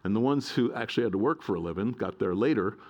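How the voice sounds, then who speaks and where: A middle-aged man preaching from the pulpit with a lowish voice. He presses his points earnestly and circles back to repeat them for emphasis. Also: expressive, fast talker, a little mellow. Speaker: pastor. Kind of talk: sermon.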